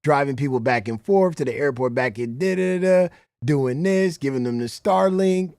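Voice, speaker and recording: A man's voice: a little high, lively intonation, normal speed, a little mellow. A man hosting a reaction stream, throwing sarcastic, needling questions at a caller. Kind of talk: mocking commentary on a livestream.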